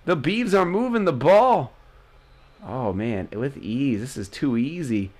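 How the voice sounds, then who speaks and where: A man casually commentating on a football video game he is playing, joking and yelling at big plays. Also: medium pitch, unhurried. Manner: excitable, jokey, yells at big plays. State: losing his voice. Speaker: gaming channel host.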